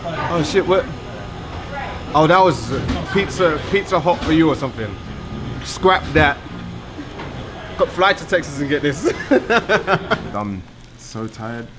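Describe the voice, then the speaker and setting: A man's voice: on the high side, takes it slowly, pauses often. A young man with a British accent, vlogging in a casual, chatty, joking way outdoors in a city to a handheld camera. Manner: relaxed, chatty, jokey. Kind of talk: casual vlog chat. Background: music playing.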